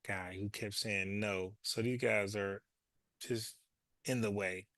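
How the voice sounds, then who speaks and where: A man's voice: on the low side, fairly even intonation, slow, a bit bright. A man hosting his own show, talking loosely and profanely and doubling back on his words as he explains. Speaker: show host. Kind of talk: casual commentary monologue.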